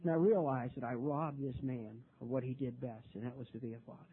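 An older man telling his own recovery story at a meeting, halting and repeating words, his voice rising when he gets worked up. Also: mid-range voice, fairly even intonation, a little hiss or hum. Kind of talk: personal testimony talk. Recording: tinny phone-like recording.

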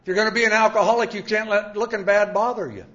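A man's voice: sits high, steady tone, quick pace, fairly bright tone. An older man telling his own story to an audience in a plainspoken, folksy, self-mocking way. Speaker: speaker sharing a recovery story. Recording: dull lo-fi sound.

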